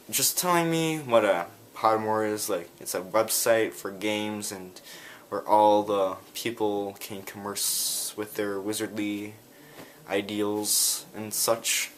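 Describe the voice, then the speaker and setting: A man telling a rambling story in a casual vlog, talking in quick bursts. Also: lowish voice, steady tone, slight background noise. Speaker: vlogger.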